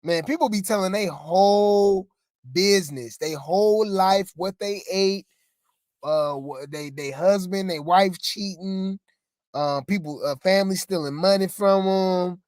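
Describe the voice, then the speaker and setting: Gossip co-host, casual commentary, exasperated, rambling, middle pitch, dry close sound. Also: measured pace, a little mellow, no room sound. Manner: exasperated, rambling, often addresses listeners as y'all.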